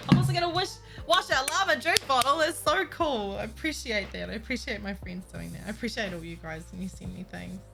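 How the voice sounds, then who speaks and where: A young woman streaming a building game, chatting casually with viewers, giggly and excitable and reacting loudly to surprises. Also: on the high side, fairly quick, gravelly, few pauses. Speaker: Minecraft streamer. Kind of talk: casual live-stream chat. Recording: faint music under the voice.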